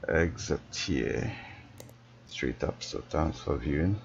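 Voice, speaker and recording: Very deep, gravelly, tired male streamer. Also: expressive. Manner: slow, mumbling, talks to himself. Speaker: gaming streamer. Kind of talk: casual gameplay commentary. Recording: dull lo-fi stream audio with background noise.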